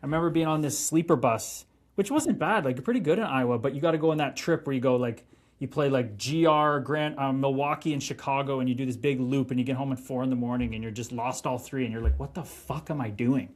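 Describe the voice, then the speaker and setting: A man's voice: medium pitch, fast talker. A man in his thirties, a former pro hockey player, swearing freely as he tells stories in a casual podcast interview. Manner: profane, animated storytelling.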